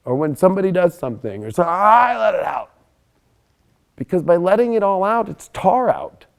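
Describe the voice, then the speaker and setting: A young adult man giving a casual, animated astrology monologue, emphatic and often swearing. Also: high voice. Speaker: astrology presenter.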